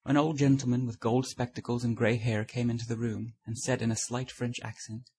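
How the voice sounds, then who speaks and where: A man reading a classic short story aloud as narrator, in a steady, measured way. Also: mid-range voice, husky. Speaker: audiobook reader.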